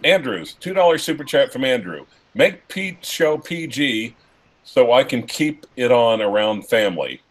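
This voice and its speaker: A man's voice: medium pitch, animated, a little slow, rough recording. A man co-hosting a casual livestream chat, making dry wisecracks. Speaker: livestream co-host.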